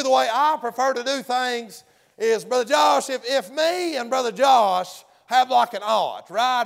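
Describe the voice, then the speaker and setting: A man's voice: very high voice, vocal fry. A man preaching a folksy sermon, often hollering and acting out the story's characters.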